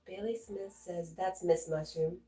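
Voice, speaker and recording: A middle-aged woman hosting a livestream from home on a laptop mic. She chats casually, reads viewer comments aloud and laughs often, clearly amused by herself. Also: lowish voice, fairly even intonation, measured pace, dark tone, faint music behind, low-quality recording. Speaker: livestream host.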